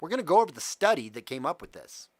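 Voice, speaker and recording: A man's voice: a little high, very animated, quick pace. A man hosting a livestream, ranting in heated, profane commentary and talking straight to his viewers. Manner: talks to the chat directly. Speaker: livestream host.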